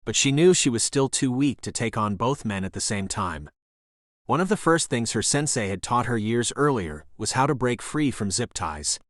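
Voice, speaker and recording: A man narrating an action thriller audiobook in a steady, even reading voice. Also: medium pitch, normal speed, dry recording, studio quality. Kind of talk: scripted narration.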